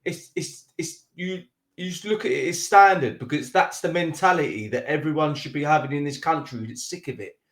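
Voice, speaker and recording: A man's voice: fairly high pitch, fairly quick. A man in his thirties hosting an interview, talking in a heated, rambling way and repeating words as he goes. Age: 30s. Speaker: interview host. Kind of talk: casual interview chat. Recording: echoey room.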